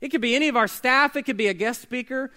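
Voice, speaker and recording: A man preaching a sermon as pastor, swinging between loud emphatic bursts and quiet hushed lines. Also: extremely high pitch, quick pace. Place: church sanctuary.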